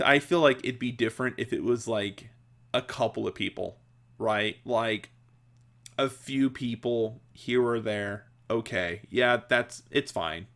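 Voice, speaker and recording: Here a man hosting a podcast spins a casual, rambling tale, punctuated by laughter, false starts and fillers. He speaks in a middle register with a rather bright quality.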